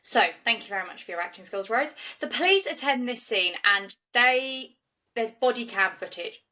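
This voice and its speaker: A woman's voice: on the high side, lively intonation, normal speed, pushed and bright. A woman, co-hosting a podcast and recounting a case in a chatty, loose style full of restarts. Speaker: podcast co-host. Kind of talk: casual true-crime storytelling.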